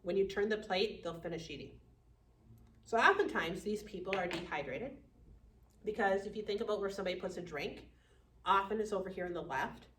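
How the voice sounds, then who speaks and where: A woman teaching a class on dementia care, lively, acting out family members and residents. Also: medium pitch, brisk, a little hiss or hum. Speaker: dementia educator. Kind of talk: classroom lecture. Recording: echoey room from far off.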